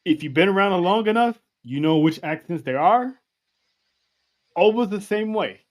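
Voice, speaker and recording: Man, podcast co-host, emphatic casual talk, slightly high pitch. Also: lively intonation, moderate pace. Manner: emphatic, repeats words when taking the floor. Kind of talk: casual chat.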